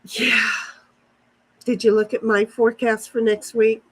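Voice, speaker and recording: Husky-voiced woman chatting on a livestream. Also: a little high, level tone, measured pace, rough recording. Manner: rambling, answers live chat comments. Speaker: livestream host. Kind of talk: casual chat with viewers. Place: outdoors in a backyard. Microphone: phone.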